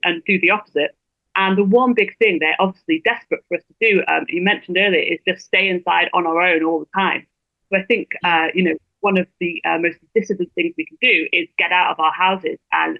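Fast-talking woman on a tinny phone line. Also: lowish voice, dry recording. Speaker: guest blogger. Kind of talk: interview over a phone line.

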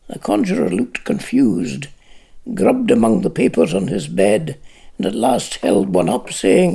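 A man narrating a literary novel, with measured, expressive storytelling. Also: on the high side, vocal fry, breathy edge. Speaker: audiobook narrator.

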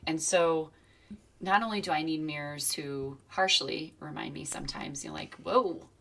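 A woman with a low voice tells a personal story in a relaxed chat. She is animated and reflective, and she acts out the people she quotes. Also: moderate pace, gravelly. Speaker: podcast co-host. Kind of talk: casual chat.

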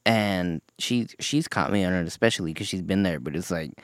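A man's voice: sits low, brisk, dry recording, clean studio sound. A man in casual podcast chat, telling crude stories with lots of laughing and swearing. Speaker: podcast co-host.

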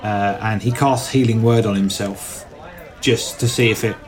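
A man's voice: fairly low pitch, fairly even intonation, moderate pace, over loud music. A man playing a tabletop game, describing what his character does with many restarts and repeated words. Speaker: player.

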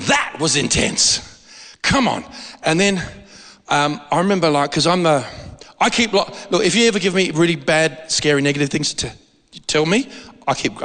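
A man preaching a sermon, telling a story with lots of laughter and excitement. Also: on the high side, big-room sound.

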